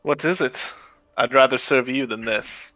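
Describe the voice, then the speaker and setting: A man's voice: medium pitch, a little slow, sharp tone, no echo, soft background music, poor audio. A man playing a tabletop game, asking eager, direct questions. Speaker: player. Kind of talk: casual tabletop play over a call.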